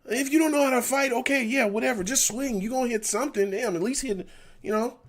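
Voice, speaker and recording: A man's voice: very high voice, quick pace. A man hosting a live fan stream, reacting to a football game, venting his frustration and reading out chat messages. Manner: exasperated, venting, reads chat aloud. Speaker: fan livestream host.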